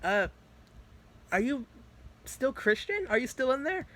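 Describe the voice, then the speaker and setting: A man voicing a hot-tempered young woman who is easily startled, speaking in a shrill, alarmed way. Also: sing-song, a little slow, a bit bright, exaggerated voice. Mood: panicked.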